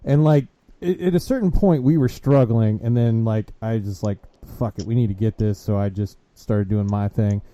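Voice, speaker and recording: A man hosting a casual podcast chat, telling stories with animated mimicry of angry gamers. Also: fairly low pitch, normal speed, hardly any pauses, no echo. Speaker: podcast host. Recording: dull lo-fi podcast audio.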